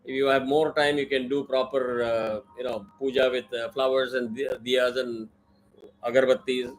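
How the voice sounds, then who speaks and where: A man's voice: medium pitch, flat delivery, normal speed, poor audio. A man teaching a mantra in an online class, with careful pronunciation drills and many fillers. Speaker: Vedic chanting teacher.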